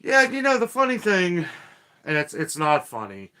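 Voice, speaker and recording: Man hosting a live chat, folksy and chatty, with a bright, sharp tone. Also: high-pitched, huge pitch swings, moderate pace, smooth. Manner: folksy, ranting, reads viewer comments aloud. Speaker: host reading live chat. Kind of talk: casual live-stream chat.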